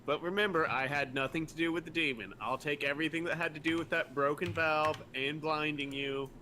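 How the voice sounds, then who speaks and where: A man's voice: on the high side, fairly even intonation, brisk, pushed and bright, a little hiss or hum. A man playing in a tabletop game, making wry in-character quips. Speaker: player.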